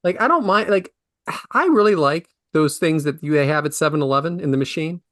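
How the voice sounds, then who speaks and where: A man's voice: fairly high pitch, expressive, brisk, a bit bright, no room sound, studio quality. A man co-hosting a casual podcast, ranting in mock outrage about words he hates. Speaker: podcast co-host.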